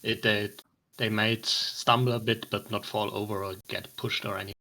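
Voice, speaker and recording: A man acting as game master for a tabletop game played online, casual and explaining calmly. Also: on the low side, moderate pace, low-quality recording.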